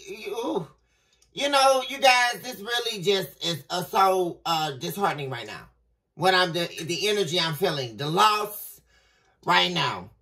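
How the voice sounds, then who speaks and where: A woman reading tarot for her viewers in a sharp, bright voice. She talks dramatically, breaking off and repeating herself for emphasis. Her voice sounds a little distant from the microphone. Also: mid-range voice. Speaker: tarot reader.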